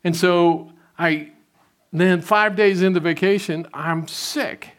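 An older man giving a conversational sermon, telling personal stories and dropping his voice softly when quoting his prayers. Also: sits high, takes it slowly. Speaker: pastor.

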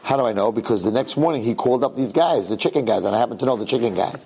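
Man telling a sermon story, kinda husky, chatty, keeps asking "right?". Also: medium pitch, racing, mellow, poor audio. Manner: conversational, repeats himself, asks listeners questions.

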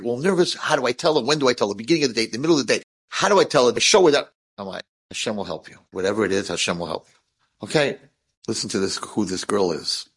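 Husky middle-aged rabbi telling a story. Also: male voice. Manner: animated, acts out dialogue with big pitch swings. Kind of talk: inspirational storytelling talk.

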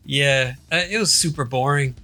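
A middle-aged man with a bright, edgy voice chats casually on a podcast, laid-back and quick to dismiss things. He laughs easily, with faint music in the background. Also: mid-range voice. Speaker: podcast co-host. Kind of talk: casual profane chat.

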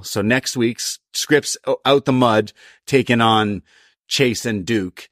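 A man's voice: lowish voice, takes it slowly, a bit bright, no room sound, studio quality. A man co-hosting a podcast review, animatedly retelling scenes and slipping into put-on voices for the characters. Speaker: podcast co-host. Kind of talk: casual review chat.

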